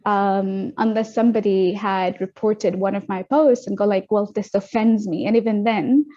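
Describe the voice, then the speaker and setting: A young adult woman recounts her story as an interview guest, fast and animated, slipping into the voices of the people she quotes. Her tone is dark and mellow. The audio sounds muffled and lo-fi. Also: medium pitch. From Australia. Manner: animated, quick retelling with acted-out quotes. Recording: dull lo-fi audio.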